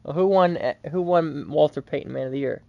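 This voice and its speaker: A man's voice: fairly high pitch, fairly quick, creaky, no echo, muffled recording. A man calling his own football video game in a mock announcer cadence, drifting into casual rambling asides. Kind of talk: mock play-by-play commentary mixed with casual chat.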